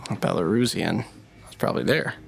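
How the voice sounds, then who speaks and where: A man's voice: low voice, expressive, normal speed, vocal fry. A man playing in a tabletop game, talking casually and rambling with many fillers. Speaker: player. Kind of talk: casual chat.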